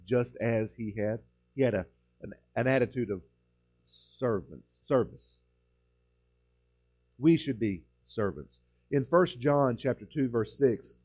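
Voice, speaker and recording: A man preaching a sermon as pastor, slowing and lifting his voice on key words, with frequent restarts. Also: medium pitch, darkish tone, lo-fi sound. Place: church sanctuary.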